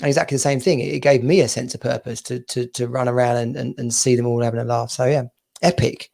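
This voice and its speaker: Guy co-hosting a dad podcast, gravelly voice, rambly, laughs a lot, video call. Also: medium pitch, fairly even intonation, fast talker, warm tone. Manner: rambling, repeats words, laughs often. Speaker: podcast co-host. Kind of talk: casual chat.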